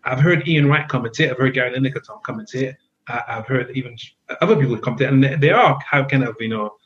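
A man's voice: mid-range voice, quick pace. A man joining a review show as a panellist, making his points emphatically with many filler phrases, over a dull lo-fi remote line with faint noise. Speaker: regular panellist. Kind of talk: casual opinion chat.

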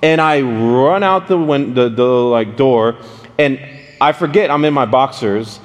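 A man preaching in a relaxed, story-led way, his voice sitting at an ordinary middle pitch. He talks directly to the room, throwing questions out to his listeners. The sound trails off in the long reverb of a large hall. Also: unhurried. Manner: animated, addresses the audience directly with questions. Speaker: pastor. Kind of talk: conversational storytelling sermon.

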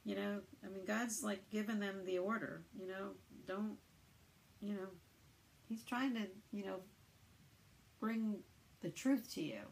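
A woman's voice: mid-range voice, steady tone, unhurried, creaky, pauses often, a little hiss or hum, low-quality recording. A woman reading the Bible aloud and thinking it through in casual, hesitant talk full of fillers. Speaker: Bible reader.

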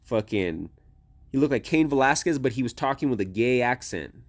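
A man's voice: medium pitch, moderate pace. A young man chats on a podcast in a loose, rambling way, swearing often and restarting his sentences. His voice sits in the middle range. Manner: rambling, profane, animated storytelling. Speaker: podcast co-host. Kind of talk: casual chat.

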